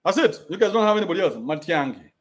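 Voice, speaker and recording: Ranting bluntly on a livestream, a young commentator with a Kenyan accent swears and mocks freely. His high voice is very animated and fast.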